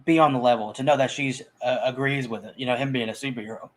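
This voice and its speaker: A man's voice: medium pitch, fairly even intonation, fast. A man in casual conversation about a film, talking in a rambling way with frequent restarts and fillers. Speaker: movie podcast co-host.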